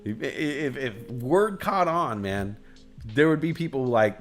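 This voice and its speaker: A man's voice: a little high, very animated, moderate pace, faint music behind. A man hosting a livestream, ranting casually with heavy swearing, emphatic repetition and loose digressions. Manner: loose, digressive, chuckles at his own jokes. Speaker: livestream host. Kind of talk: casual rambling rant.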